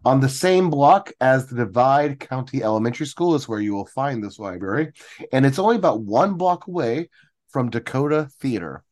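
A man on a casual podcast who wanders as he talks. He reads out a long chunk of history, stopping often for "uh" and "um", and his voice sits at an ordinary middle pitch. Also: expressive, moderate pace, darkish tone. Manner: rambling, reads out local history with many fillers. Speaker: podcast co-host.

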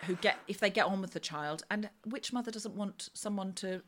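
A middle-aged woman chatting as a guest, telling rambling, lively stories in a casual conversation. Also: mid-range voice, moderate pace, crowd noise. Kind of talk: casual chat.

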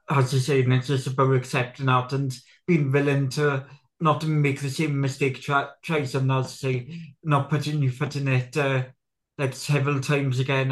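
A man hosting a casual conversation, who speaks haltingly and often stops to search for words. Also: medium pitch. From Great Britain.

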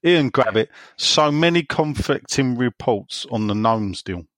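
This podcast host, a man with an East End London accent, reads listener questions and cracks jokes in an easygoing chat. His mid-range voice is animated and a little slow. The sound is a clean studio recording with no echo.

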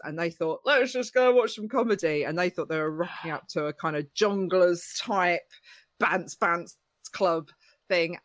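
A woman comedian telling a story in casual chat, jumping up high and squeaky whenever she acts out what people said. The sound is dry and close, with no room behind her. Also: a bit bright, no room sound. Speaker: comedian guest.

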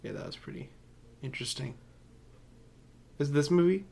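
A young man co-hosting a casual movie review podcast, laid-back and quick to laugh and agree. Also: a little high, sing-song, creaky, a little mellow. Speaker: podcast co-host.

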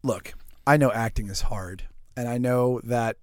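Profane deadpan man, dry close mic. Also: medium pitch, unhurried, dry recording. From near New Orleans. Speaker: podcast co-host. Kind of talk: casual chat.

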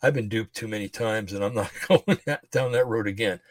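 A man's voice: lowish voice, fairly quick, no room sound. A man rambling through religious commentary on a livestream, slightly out of breath, full of fillers and restarts. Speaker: podcast host.

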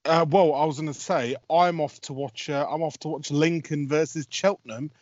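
A man telling a story in casual podcast chat. His voice sits slightly high, and he rambles, laughs and swears with plenty of restarts while getting over a cold. The audio is dull and lo-fi. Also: steady tone, moderate pace, a little mellow, no echo. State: has a cold. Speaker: football radio commentator.

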